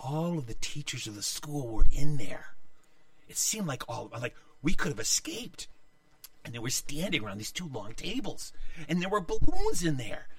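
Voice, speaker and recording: A man telling a childhood story, animated and acting out the voices of the people in it. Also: on the high side, normal speed, dry recording, far from the mic. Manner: animated, acts out voices of others.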